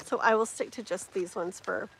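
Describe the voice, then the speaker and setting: Live tarot streamer, woman, mid-pitched, chatty and rambling, faint background hiss. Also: normal speed, creaky, low-quality recording. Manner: chatty, rambling, many fillers. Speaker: tarot reader.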